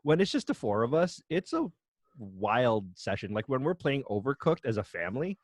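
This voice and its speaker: A man's voice: mid-range voice, moderate pace, no room sound. A man telling family stories in casual podcast chat and acting out the quotes as he goes. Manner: animated storyteller who acts out quotes. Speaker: podcast co-host.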